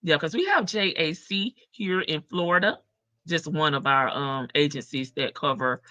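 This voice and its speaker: A woman's voice: sits low, moderate pace, bright, forceful tone, no room sound, lo-fi sound. A woman hosting a casual livestream, chatting in slang and greeting viewers by name. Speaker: livestream host. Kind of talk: casual livestream chat reading viewer comments.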